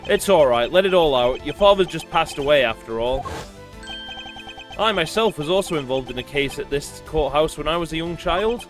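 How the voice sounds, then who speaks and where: A man's voice: on the high side, animated, normal speed, lightly acted. A man voicing a stiff, proper male prosecutor who speaks formally and dramatically. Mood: solemn. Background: game music.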